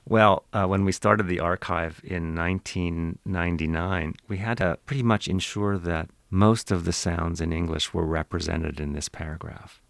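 A man's voice: sits low, steady tone, normal speed, creaky, hardly any pauses, no echo. A man who is an accent archive expert, explaining in an interview in a lecturing manner.

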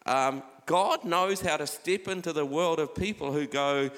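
New pastor preaching in a hall. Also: male voice, fairly high pitch, unhurried, few pauses. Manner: conversational, warm preaching with scripture readings. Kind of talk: sermon. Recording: live hall with long reverb.

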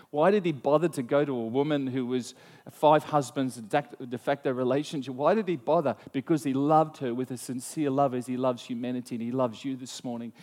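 Man preaching in a reverberant hall. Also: mid-range voice. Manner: animated storytelling with frequent restarts. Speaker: pastor. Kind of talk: sermon.

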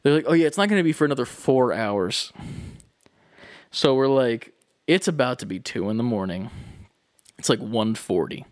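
A young man casually telling a long story, animated and profane, acting out the people in it. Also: medium pitch, moderate pace, pauses often, no echo, clean studio sound. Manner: animated, swearing, acts out voices in his stories.

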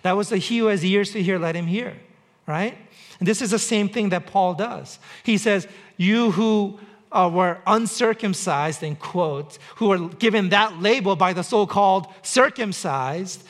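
A man's voice: high-pitched, measured pace. A man preaching a sermon in a conversational way, with repetition and dry humor. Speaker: pastor. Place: church on Mercer Island.

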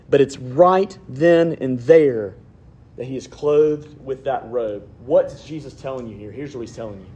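With a husky, medium-pitched voice, a preacher delivers his sermon, swinging from loud emphatic declarations down to quiet, intimate near-whispers.

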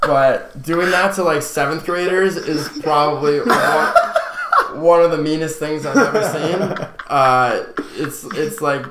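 Higher-voiced man telling a story in an echoey room. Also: noisy background. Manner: relaxed, halting, with many fillers. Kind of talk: casual storytelling. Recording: roomy echo.

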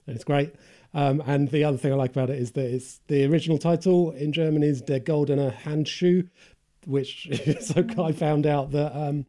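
A man, co-hosting a casual film podcast, relaxed and quick to laugh. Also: medium pitch. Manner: relaxed, laughs easily, swears. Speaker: podcast co-host. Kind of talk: casual chat.

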